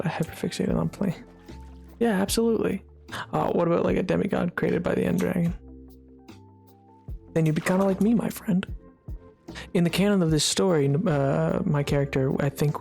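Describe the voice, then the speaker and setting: In a mid-range voice with vocal fry, a livestreamer chats loosely with a live audience while gaming. The talk is relaxed and sleepy, wandering with lots of fillers and restarts.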